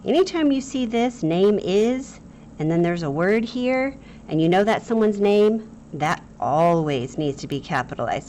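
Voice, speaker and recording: A woman's voice: on the low side, a little hiss or hum. A woman teaching a grammar lesson for children in a playful, jokey way, talking straight to the pupils.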